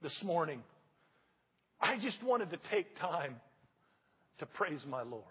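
High-voiced man preaching in a hall. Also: big pitch swings, slow pace, breathy edge. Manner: emphatic preaching, repeated rhetorical questions to the congregation. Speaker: pastor. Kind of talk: sermon. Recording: dull audio with long hall reverb.

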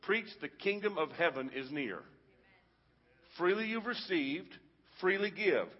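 A man preaching a sermon to a congregation, in a rhythmic, repetitive style that builds to loud peaks. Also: high voice, lively intonation, unhurried, pauses often, breathy edge, long reverb tail, lo-fi sound. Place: large hall with a congregation.

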